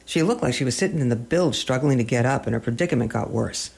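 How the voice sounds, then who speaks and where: A man's voice: mid-range voice, lively intonation, quick pace, creaky, hardly any pauses, darkish tone, breathy edge. A man narrating a humorous story in a dry, wry storytelling manner.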